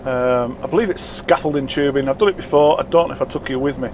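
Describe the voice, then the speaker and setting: A man's voice: mid-range voice, quick pace. A man, chatting in a rambling, self-mocking way while driving his truck. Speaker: truck driver vlogger. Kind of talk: casual vlog chat while driving. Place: truck cab on the road. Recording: road noise in the cab.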